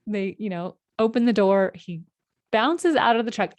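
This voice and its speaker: A woman's voice: medium pitch, normal speed, darkish tone, no room sound, studio quality. A woman in her thirties hosting a podcast, telling a personal story in a casual, emotional way with many fillers. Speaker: podcast host.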